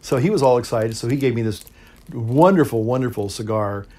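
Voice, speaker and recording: A middle-aged male priest talks casually to his viewers, relaxed and rambling, with plenty of fillers. He chuckles now and then and breaks off to puff on a pipe, his voice sitting at an ordinary middle pitch. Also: fairly quick. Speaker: priest and pipe-smoking video host. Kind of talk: casual talk to camera.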